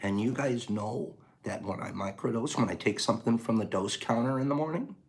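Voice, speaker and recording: A man hosting a casual livestream, chatting playfully with viewers and reading their comments aloud, dropping to hushed whispers at times and breaking into loud laughter at others. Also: mid-range voice, a little fast, a little hiss or hum. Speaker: livestream host.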